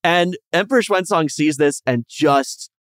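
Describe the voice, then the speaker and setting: A man's voice: a little high, unhurried, no echo, studio quality. A man co-hosting a podcast, casually telling history and acting out the people in it with funny voices. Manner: animated, acts out characters in funny voices. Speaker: podcast co-host.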